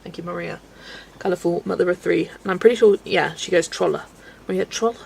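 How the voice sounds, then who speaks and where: A woman's voice: on the low side, fairly even intonation, quick pace, creaky, darkish tone, breathy edge, low-quality recording. A woman from Belgium hosting a colouring livestream, chatting with viewers, laughing often and stumbling over names. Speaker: livestream host reading chat. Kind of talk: casual livestream chat. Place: home, colouring at a desk.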